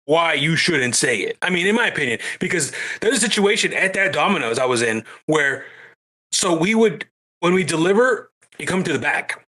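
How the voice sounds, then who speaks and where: A man with a bright, ringing, fairly high voice, guesting on a casual podcast. He tells his story in an animated way, with plenty of swearing. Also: normal speed.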